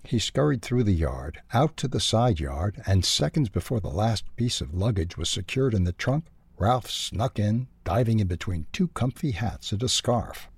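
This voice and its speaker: A man reading a children's storybook aloud, expressive and lively. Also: on the low side, normal speed, hardly any pauses, breathy edge, no room sound.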